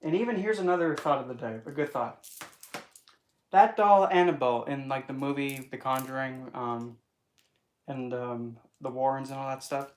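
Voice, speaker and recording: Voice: medium pitch, normal speed, a little mellow. A vlogger talking casually to camera in a chatty, rambling and playful way, often breaking into put-on voices. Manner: playful, wordplay and asides. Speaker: spiritual vlogger.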